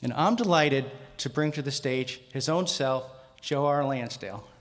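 A man's voice: medium pitch, moderate pace, a faint crowd, slight background noise. A man hosting an awards ceremony and introducing the next speaker in a formal, announcing manner. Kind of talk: stage introduction. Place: large convention hall. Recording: reverberant hall, from a distance.

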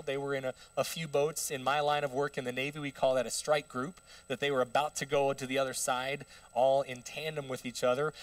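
A man's voice: a little high, far from the mic. A male pastor giving a conversational sermon, putting rhetorical questions to the congregation. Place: church sanctuary.

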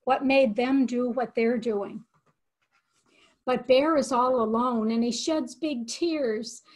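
An older woman teaching from a picture book, reading slowly and expressively and pausing to explain words. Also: on the high side, darkish tone. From United States. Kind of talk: read-aloud lesson for educators.

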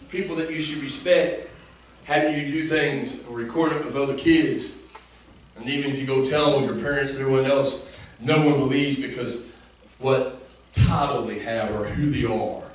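A man's voice: medium pitch, slight background noise. A man preaching a sermon as pastor in an impassioned preacher's cadence, speaking straight to his congregation. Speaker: senior lead pastor. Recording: echoey room from far off.

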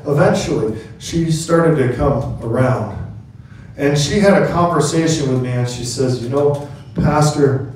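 Middle-aged male preacher, storytelling sermon, booming hall echo. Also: darkish tone, a little hiss or hum. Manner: storytelling preacher, calls out amen to the congregation. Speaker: pastor. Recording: very echoey hall, mic from a distance.

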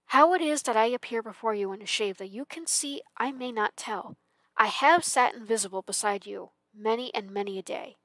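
A woman's voice: fairly high pitch, moderate pace, dry recording. Woman reading as Marley's mournful chained ghost. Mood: solemn. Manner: mournful, declaiming with swells of loudness. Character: tormented chained ghost of an old businessman. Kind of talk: storybook reading.

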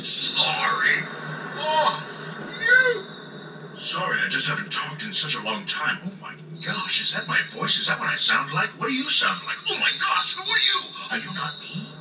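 Casting: a wildly excitable, high-voiced confused brain in a game, echoey and distant. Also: male voice, brisk, few pauses, music in the background. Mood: awestruck. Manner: wildly swinging, excitable, giggly. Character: disembodied brain, giddy, confused, grandiose man. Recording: echoey, distant, with noisy ambience.

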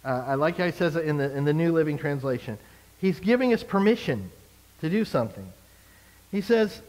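A man's voice: on the high side, big pitch swings, fairly quick, poor audio. A man preaching a conversational sermon as a pastor, emphatic and fond of repeated phrases. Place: church service.

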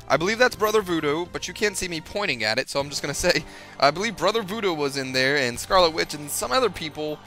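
A young man talks through his fighting-game run, swearing nonstop and yelping at each hit. His pitch jumps all over the place as he gets worked up. Game music plays clearly underneath his voice. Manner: excitable, swears constantly, sudden yelps. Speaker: gaming video host. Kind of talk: profane live gameplay commentary.

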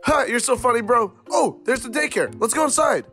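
A man's voice: very high voice, lively intonation, fairly quick, bright, forceful tone, faint music behind, exaggerated voice. A man voicing an oddly upbeat young male friend, breezy in manner. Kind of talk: Minecraft roleplay voice acting.

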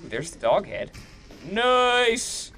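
Excitable high-voiced gamer guy. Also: slow pace, faint music behind. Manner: excitable, swearing, yelling at enemies. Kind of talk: let's play commentary.

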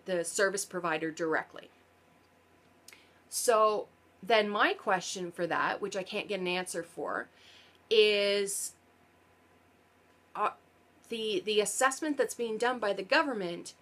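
A Canadian parent and vlogger talks to camera in a casual explainer vlog, her voice at an ordinary middle pitch with a fairly bright tone. She explains earnestly, gets sarcastic at times, and often backs up to correct her wording.

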